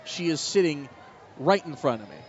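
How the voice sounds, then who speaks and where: A man calling a baseball game play by play, telling a relaxed personal story between the calls. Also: a little high, normal speed, some chatter behind, slight background noise. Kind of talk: live baseball commentary mixed with personal storytelling. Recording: slightly muffled broadcast audio with faint ballpark ambience.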